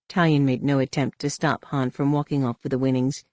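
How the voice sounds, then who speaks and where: A man narrating an audiobook in a steady, even reading. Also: mid-range voice, a little fast, no echo, clean studio sound. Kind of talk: scripted narration.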